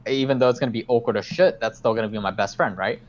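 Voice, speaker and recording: A man's voice: medium pitch, fast talker, dull audio. A young man hosting a podcast, telling a story in casual chat, rambling, swearing a lot and acting out his own lines. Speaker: podcast host.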